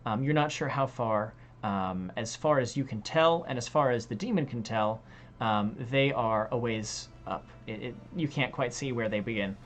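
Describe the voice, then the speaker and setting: A woman with a deep, low voice leads a tabletop game as its dungeon master. She describes scenes and asks for dice rolls, filling her pauses with frequent ums and uhs. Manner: hesitant, many ums and uhs.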